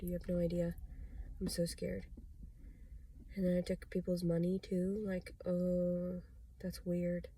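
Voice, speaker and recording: Woman vlogger, lowish voice, rambling and upset, lots of cursing, slight noise behind her. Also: completely flat delivery, measured pace, long pauses, mellow. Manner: agitated, rambling, heavy swearing. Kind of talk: confessional vlog monologue.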